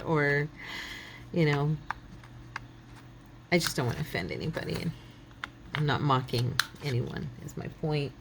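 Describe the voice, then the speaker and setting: A woman's voice: low voice, moderate pace, pauses often, noisy background. A middle-aged woman hosting a craft channel, chatting casually and thinking aloud as she works, often laughing. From United States.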